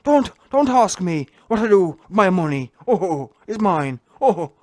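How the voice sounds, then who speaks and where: A man's voice: high-pitched, big pitch swings, unhurried, darkish tone, dry recording. A man putting on the voice of a whiny, boastful grown man to mock him, with an exaggerated pleading whine.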